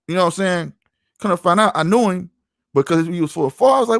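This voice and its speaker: A man from St. Louis, USA, chats on his podcast at a quick pace, his fairly high voice expressive. The dry, studio-quality recording captures slangy storytelling in a casual tone, with many a "you know what I'm saying."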